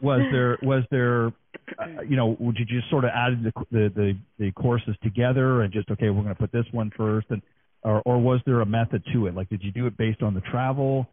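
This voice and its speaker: A man's voice: mid-range voice, fairly even intonation, normal speed, slight background noise. A man hosting a radio interview, asking long, winding questions. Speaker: radio host. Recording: tinny phone line.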